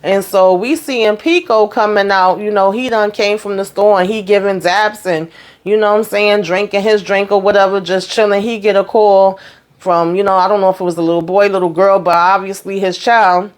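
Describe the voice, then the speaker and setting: A woman retells a TV episode in a loose, chatty recap. She keeps slipping into the characters' lines, and her pitch stays lively. Her voice sits at a middle pitch for a woman. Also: moderate pace. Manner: animated storytelling, acts out characters' quotes, frequent fillers. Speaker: TV recap host.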